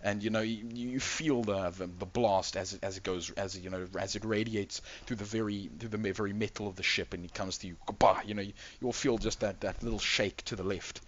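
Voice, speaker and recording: A man narrating a tabletop game as game master, enthusiastic and halting, often repeating words. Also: fairly low pitch, steady tone. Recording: dull lo-fi mic.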